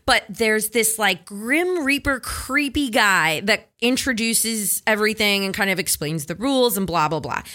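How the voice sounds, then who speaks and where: Female podcast co-host with a bright, forceful voice. Animated storyteller. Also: mid-range voice, normal speed, hardly any pauses. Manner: animated storyteller, acts out quotes. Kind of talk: casual storytelling chat.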